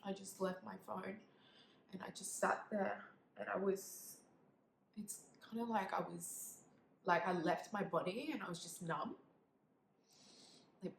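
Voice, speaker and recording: A young woman tells a painful personal story to camera, halting and emotional, with many fillers and quiet, whispered moments. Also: lowish voice. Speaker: vlogger. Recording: echoey room with faint background noise.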